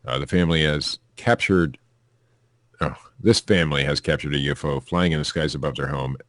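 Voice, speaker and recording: Deep-voiced guy reading weird news on a podcast, cracking jokes, dry close sound. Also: a little fast, fairly bright tone, no room sound. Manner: reads stories aloud with asides and chuckles. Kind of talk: casual comedic news chat.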